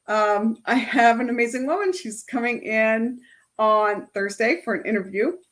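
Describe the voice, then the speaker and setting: A woman's voice: on the high side, moderate pace. Chatty, upbeat woman coaching a group. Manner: chatty, tags lines with "right?". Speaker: life coach leading a self-help workshop. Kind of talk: casual workshop talk to a group.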